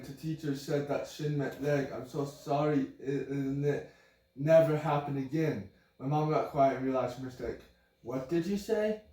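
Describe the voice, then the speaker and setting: A man's voice: medium pitch, dark tone. A young man, a podcast co-host, reading a funny story aloud in a casual, upbeat way. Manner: upbeat, reads jokes and stories aloud. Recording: echoey room, mic far off.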